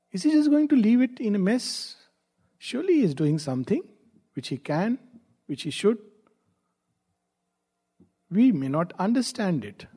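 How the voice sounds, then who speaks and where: Soft-voiced, high-pitched male spiritual teacher. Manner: reflective, rhetorical questions, gentle humor. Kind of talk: spiritual discourse.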